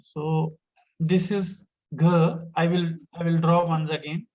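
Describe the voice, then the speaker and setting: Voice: medium pitch, level tone, slow, dark tone, low-quality recording. A teacher, giving an online lesson step by step and patiently repeating each point.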